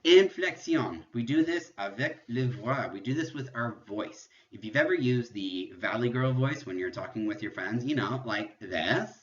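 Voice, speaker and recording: A man's voice: medium pitch, animated, moderate pace, hardly any pauses, lo-fi sound. A man teaching a virtual French lesson, explaining step by step and moving between English and French. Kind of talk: virtual classroom lecture.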